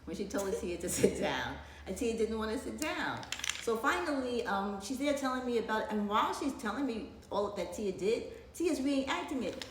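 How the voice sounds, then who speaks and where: A middle-aged woman telling a family story in casual chat, talking fast and rambling, often breaking into laughter. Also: a little high, lively intonation, reverberant, background noise.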